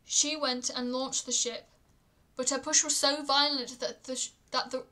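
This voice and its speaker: Bright-voiced woman reading myths aloud. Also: sits high, moderate pace. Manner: calm, with small stumbles and restarts. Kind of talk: storytelling read-aloud.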